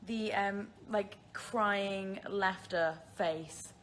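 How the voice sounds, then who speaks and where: She draws out her words in a steady, mid-range voice that's a bit bright, with slight background noise. The speaker is a British-accented woman in her twenties from the Isle of Man, casually answering viewer questions on a phone livestream and laughing at herself a lot.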